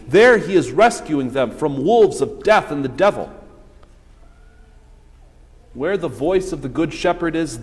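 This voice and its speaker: A male pastor preaching a sermon in a measured voice, posing rhetorical questions and answering them. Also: fairly high pitch. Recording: long church reverb.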